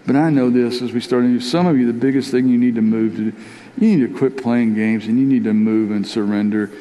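A man's voice: mid-range voice, fairly even intonation, fairly quick, mellow. A man preaching a sermon as pastor, earnest and openly emotional, often repeating his words as he urges the congregation. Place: church sanctuary. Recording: long reverb in a big church hall.

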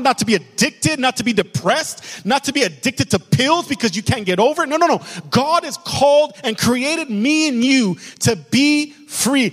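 A man's voice: extremely high pitch, fairly bright tone, slightly rough. A man pastor preaching a sermon with passion, repeating key lines for emphasis. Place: church sanctuary. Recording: long hall reverb.

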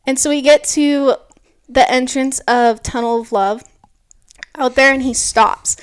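A woman in her early twenties, a mountain bike racer, telling an animated story in an interview and peppering it with "like". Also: high voice, measured pace, clear, resonant tone. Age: early 20s. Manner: animated, lots of "like", acts out quotes.

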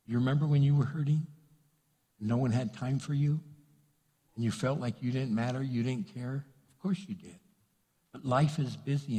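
A man's voice: medium pitch, warm tone, husky. A pastor giving an earnest sermon, speaking directly to his congregation and repeating his points for emphasis. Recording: long hall reverb.

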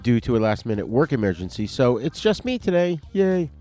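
Man, podcast host, casual intro, upbeat and chatty, soft music underneath. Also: medium pitch, very animated, fairly quick.

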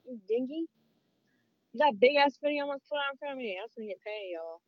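A woman's voice: high voice, expressive, fast, no echo. A woman in casual chat with a friend, giving blunt, joking reactions. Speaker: podcast co-host. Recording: slightly dull lo-fi sound.

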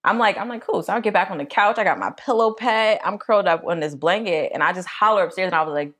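Female co-host, young adult, lower pitch, chatty storyteller who acts out dialogue. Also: fast, hardly any pauses. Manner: animated, acts out quotes in a high voice. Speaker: podcast co-host. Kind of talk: casual storytelling chat.

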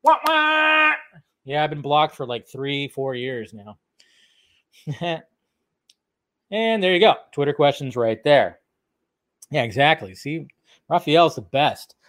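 Hosting a casual film news livestream, a man with a mid-range voice reads out viewers' chat questions and answers them loosely and ramblingly, swearing freely. He speaks slowly and animatedly, with long pauses.

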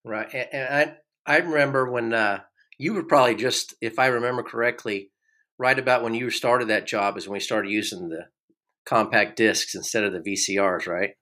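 A man's voice: medium pitch, normal speed, bright, forceful tone. A middle-aged man and former ballplayer hosting a podcast, telling rambling stories with repeated words and chuckles. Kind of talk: casual storytelling chat.

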